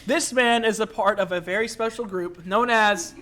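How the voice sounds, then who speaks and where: Bright high-voiced young man, worn voice. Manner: playful, teasing, quick banter. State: voice worn out from casting. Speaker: esports shoutcaster interviewing players. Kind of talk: upbeat live esports interviews.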